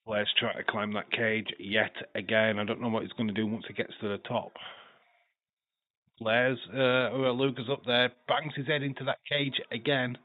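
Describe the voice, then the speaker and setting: A man's voice: mid-range voice, flat delivery, normal speed, no room sound. A man giving casual, chatty running commentary as a streamer, swearing and laughing along. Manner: chatty, profane, laughs often. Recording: tinny phone-like dry sound.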